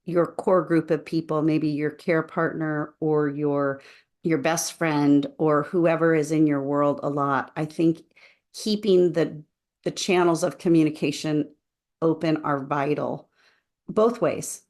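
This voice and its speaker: A woman's voice: low voice, fairly even intonation, a little slow, a little mellow. A woman co-hosting a podcast, talking in a casual, thoughtful and advising way. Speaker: podcast co-host. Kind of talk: casual conversational podcast talk.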